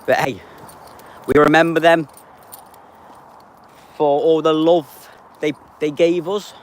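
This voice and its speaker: A man in his 30s from England chats casually on a live stream, reading out viewers' names and answering them offhand. His voice is fairly high and steady in tone, and he speaks slowly.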